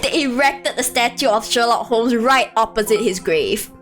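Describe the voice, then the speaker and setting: A woman chatting casually on a live stream, animated and rambling, breaking into frequent laughter. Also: fairly high pitch, normal speed, soft background music.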